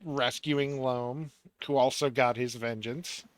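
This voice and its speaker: Relaxed joking man running a game. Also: medium pitch, takes it slowly, smooth, dry recording. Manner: laughs often, loose joking narration. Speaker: dungeon master. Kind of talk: narrating a tabletop game.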